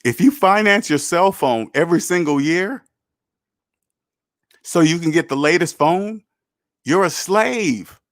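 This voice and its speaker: A man's voice: fairly high pitch, a bit bright, dry recording, studio quality. Preachy man lecturing on a livestream. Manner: emphatic and preachy, full of rhetorical questions. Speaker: personal finance show host. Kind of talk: livestream monologue answering chat.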